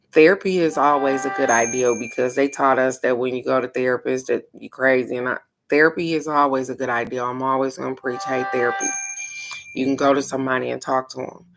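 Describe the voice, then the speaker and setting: A woman's voice: a bass voice, fairly bright tone, a little hiss or hum. A middle-aged woman doing a casual card-of-the-day reading, talking in a frank, earnest way with the odd swear. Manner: frank, earnest, occasionally profane. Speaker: oracle card reader.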